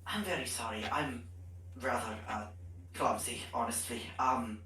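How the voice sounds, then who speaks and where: A woman voicing Bedlam, a clumsy, timid man who mumbles soft, hesitant apologies. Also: very deep voice, a little slow, echoey room, far from the mic, slight background noise, pitched below the performer's own voice. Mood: apologetic.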